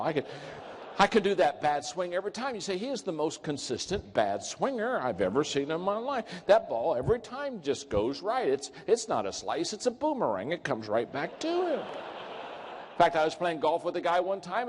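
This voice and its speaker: A man giving a humorous motivational talk, telling jokes and acting out quotes in a higher voice. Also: darkish tone, breathy edge. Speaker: speaker. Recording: long hall reverb.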